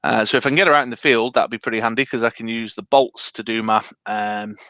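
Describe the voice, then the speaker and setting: A man's voice: mid-range voice, steady tone, fast, bright, forceful tone, no echo. A man co-hosting a casual live stream, rambling and hesitant with lots of fillers. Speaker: podcast co-host. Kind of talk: casual live-stream chat about a dice game.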